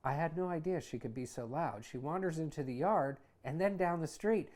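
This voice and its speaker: A man who hosts a show, reading his own memoir aloud in a conversational, wry way that gets animated in heated passages. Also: a little high, normal speed. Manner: conversational, wry, animated when retelling anger. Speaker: author and host.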